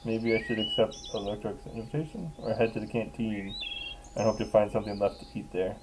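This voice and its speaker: A man's voice: on the low side, fairly even intonation, a little fast, noisy background. A man casually reading a visual novel aloud, often laughing and breaking off to joke. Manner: giggly, reads narration aloud and breaks off to joke. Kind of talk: casual let's play commentary.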